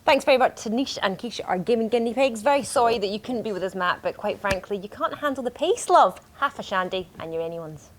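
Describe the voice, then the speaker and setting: A woman's voice: mid-range voice, lively intonation, slight background noise. A woman co-hosting a TV gaming show, teasing her co-presenter in lighthearted studio banter. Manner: teasing and quick-witted.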